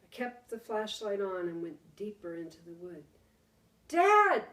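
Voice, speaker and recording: A woman teacher reading a storybook aloud to her class, slow and dramatic, with hushed pauses. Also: lowish voice. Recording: roomy, distant mic.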